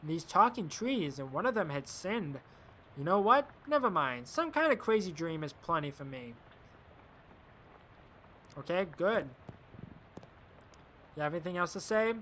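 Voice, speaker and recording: A man's voice: high voice, very animated, unhurried, pauses often, sharp tone. Man streaming a game, reading text aloud. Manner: casual, reads narration aloud and comments dryly. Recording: noisy background.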